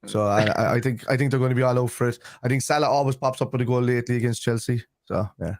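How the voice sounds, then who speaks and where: A man's voice: medium pitch, fairly even intonation, fast talker, a little mellow, no echo, clean studio sound. A man giving his match predictions in casual chat, thinking aloud and repeating "I think" often. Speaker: guest pundit.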